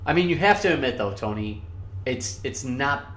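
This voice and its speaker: Lively-voiced laid-back man. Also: medium pitch, moderate pace. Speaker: podcast co-host. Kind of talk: casual sports chat.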